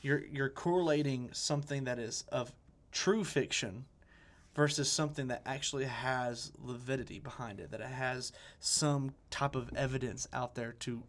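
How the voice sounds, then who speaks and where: A man co-hosting a relaxed podcast chat, speaking earnestly in a mid-pitched voice. He restarts his sentences often and leans on "you know" as he works through a point. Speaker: podcast co-host. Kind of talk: casual discussion.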